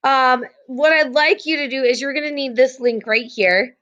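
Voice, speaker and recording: Woman, young adult, teacher, video call class, slightly high voice, chatty, filler words. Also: moderate pace, a bit bright, muffled recording. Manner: chatty, filler-heavy, many restarts.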